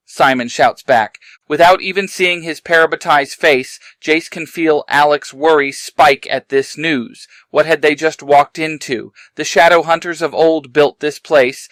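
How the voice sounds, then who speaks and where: Guy reading his fanfic out loud, mid-pitched voice, dead dry sound up close on the mic. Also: no room sound. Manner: reads brisk narration and lightly varies pitch for characters' dialogue. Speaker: fanfiction reader. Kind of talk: reading a story aloud.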